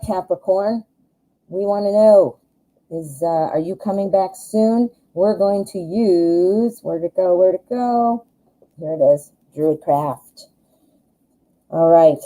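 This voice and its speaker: A woman's voice: lowish voice, warm tone, poor audio. A woman giving a chatty live tarot reading, reassuring and thinking aloud with plenty of fillers. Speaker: tarot reader.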